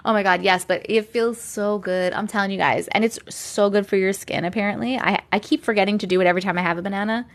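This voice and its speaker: A woman's voice: mid-range voice, a little fast. A woman hosting a live stream, chatting casually with viewers, reading out their comments and laughing often. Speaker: livestream host reading viewer stories.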